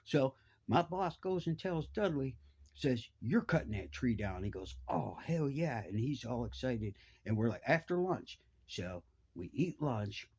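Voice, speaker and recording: A middle-aged man, telling a profane, animated story and jumping his voice around to act out the people in it. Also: a little slow, breathy edge. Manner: animated, profane, acts out voices with big pitch jumps. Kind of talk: casual storytelling.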